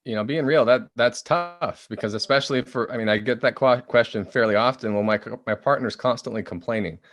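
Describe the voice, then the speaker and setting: A man's voice: medium pitch, brisk, no echo. Man explaining and acting out phrases. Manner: animated, acts out quoted phrases. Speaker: author and guest. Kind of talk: conversational explaining.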